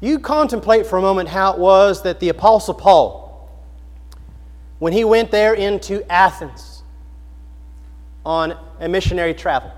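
A man's voice: sits high, unhurried, pauses often, big-room sound. A man preaching a sermon in an earnest, questioning manner, building emphasis through repetition. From United States.

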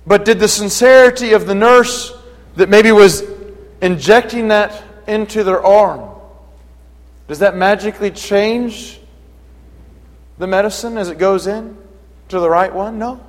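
A man preaching a sermon in an earnest manner that rises to forceful emphasis. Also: sits high, a little slow, big-room sound, poor audio.

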